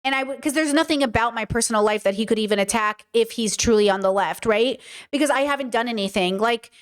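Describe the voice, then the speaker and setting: High-voiced emphatic woman streamer. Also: quick pace, clear, resonant tone. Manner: emphatic, repeats points, quotes others in put-on voices. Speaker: streamer reacting to a clip. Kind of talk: casual commentary.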